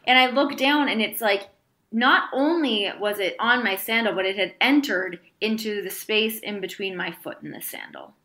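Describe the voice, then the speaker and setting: A woman co-hosting a podcast, chatting casually and telling stories excitably. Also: medium pitch, moderate pace. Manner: excitable, animated storytelling. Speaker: podcast co-host. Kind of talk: casual chat.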